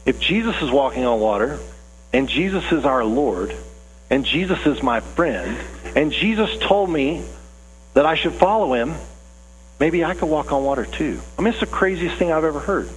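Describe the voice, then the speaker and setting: A man's voice: a little high, expressive, normal speed, a little hiss or hum. Man, pastor, conversational sermon, earnest, asks the congregation questions, long church reverb.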